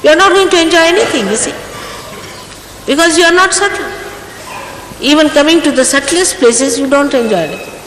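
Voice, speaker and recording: A woman delivers a stern spiritual talk, her intonation swinging widely between high and low. The recording is an archival one in a large echoing hall with a faint hiss. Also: animated, brisk, long pauses, fairly bright tone. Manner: scolding, earnest, exhorting. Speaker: spiritual teacher.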